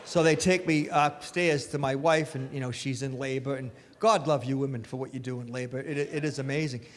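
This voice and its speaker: A middle-aged man doing a stand-up comedy set, telling stories in an animated way and shouting his punchlines. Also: mid-range voice, fairly quick. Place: comedy club stage before a live audience. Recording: live club recording, echoey hall with crowd noise.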